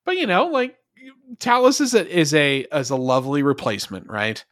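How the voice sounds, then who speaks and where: A man's voice: a little high, wildly swooping pitch, moderate pace, a bit bright, no echo. Rambling man reviewing an episode. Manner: rambling, many fillers and restarts. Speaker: podcast co-host. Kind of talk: casual review chat.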